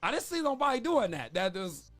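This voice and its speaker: A man's voice: high voice, very animated, a little fast, fairly bright tone. A man co-hosting a morning radio talk show, arguing his point with emphatic rhetorical questions. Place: radio studio.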